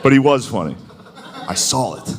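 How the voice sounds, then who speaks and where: A man's voice: medium pitch, lively intonation, normal speed. A man doing a stand-up comedy set before a live audience, talking in a loose, rambling way full of filler words. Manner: loose, rambling delivery with many filler likes. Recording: live show with crowd laughter. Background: audience laughter.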